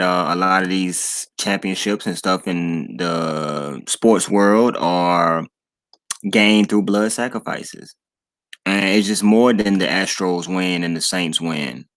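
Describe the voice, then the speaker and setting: A man talks straight to his viewers, preachy and repetitive. His voice is very deep and sits close and dry, with no room around it. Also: fairly bright tone, dry recording. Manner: preachy, repeats himself, addresses viewers as y'all. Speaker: channel host. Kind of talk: casual commentary to viewers.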